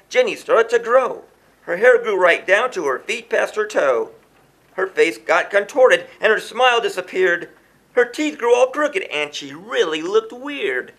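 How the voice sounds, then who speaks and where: Man, children's storyteller, rhyming read-aloud, sing-song, lively pitch, bright tone. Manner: sing-song, animated reading with chanted refrains. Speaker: storyteller reading a children's book.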